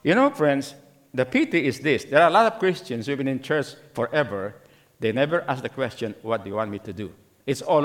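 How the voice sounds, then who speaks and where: Man, middle-aged pastor, sermon, questions the congregation, lively rising and falling voice. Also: mid-range voice, brisk. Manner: asks the congregation many questions; acts out voices in the scripture story.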